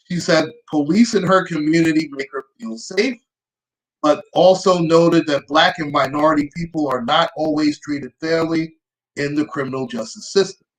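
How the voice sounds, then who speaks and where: A woman's voice: low-pitched, lively intonation, moderate pace, poor audio. A woman hosting her own show, reading out a news report and adding dry, sarcastic asides. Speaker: host. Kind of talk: reading news aloud with commentary.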